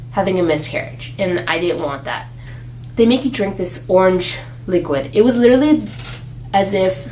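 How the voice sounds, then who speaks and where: A young woman vlogging about her pregnancy in a chatty, animated way, acting out the people she quotes. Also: lowish voice, slight background noise, poor audio. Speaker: expectant mother vlogger. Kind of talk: casual chat.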